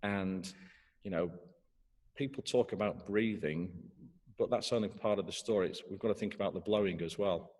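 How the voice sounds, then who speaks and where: A man's voice: low-pitched, moderate pace, darkish tone, long reverb tail. A middle-aged man teaching trombone in an online masterclass, hesitant, with many fillers and restarts.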